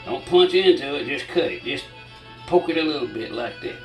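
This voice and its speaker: A man's voice: fairly high pitch, brisk, over music. Older southern guy, folksy cooking how-to, bit winded, echoey kitchen, mic kinda far off. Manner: folksy, chatty, addresses viewers as y'all. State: short of breath. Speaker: cooking channel host. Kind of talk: casual home cooking demonstration. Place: home kitchen.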